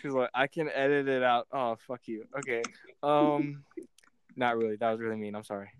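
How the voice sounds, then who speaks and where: A man's voice: medium pitch, fairly even intonation, moderate pace, slight background noise. A young man hosting a podcast in a rambling, giggly casual chat, swearing freely. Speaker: podcast host.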